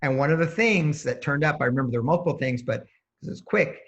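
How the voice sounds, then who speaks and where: A man's voice: fairly high pitch, expressive, quick pace, fairly bright tone. A man, a holistic energy practitioner, explaining his method step by step as an interview guest and acting out exchanges with clients. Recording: dull lo-fi sound.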